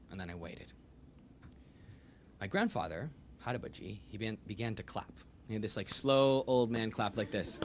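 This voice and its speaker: A young American man, an author, telling a personal story to a live audience in a bookstore with lively, animated delivery. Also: fairly low pitch, normal speed, pauses often, slight background noise. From United States. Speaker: author giving a book talk. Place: bookstore event room.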